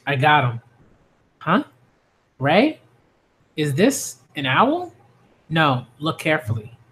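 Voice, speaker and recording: A man reviewing a manga chapter, reading the panels aloud and reacting live, swinging between loud cheering and hushed reading. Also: a little high, huge pitch swings, takes it slowly.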